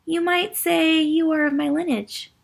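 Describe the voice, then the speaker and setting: Lady putting on a wise old worn-down pencil stub from a storybook, slow and solemn, a bit higher, gravelly and husky. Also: fairly even intonation, heavily acted. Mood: wise, urging.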